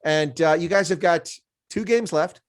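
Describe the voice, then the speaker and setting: A man's voice: fairly high pitch, moderate pace, dry recording, studio quality. A middle-aged American man hosting a casual interview, joking and rambling through stories. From United States. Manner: jokey, rambling storyteller. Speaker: interview host.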